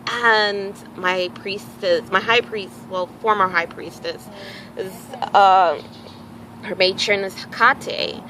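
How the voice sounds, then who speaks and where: A woman telling a personal story in a casual, animated way, acting out bits of dialogue and swearing freely. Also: medium pitch, slow pace, slight background noise, low-quality recording. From Houston area, Texas. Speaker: vlogger.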